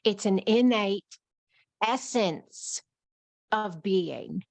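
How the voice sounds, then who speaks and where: A woman with a New York accent talks through a live-streamed spiritual lesson, her voice sitting at a middle pitch. She moves in flowing, repeating phrases. The sound is close and dry, with no room around it. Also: very slow, vocal fry, no echo. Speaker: spiritual teacher.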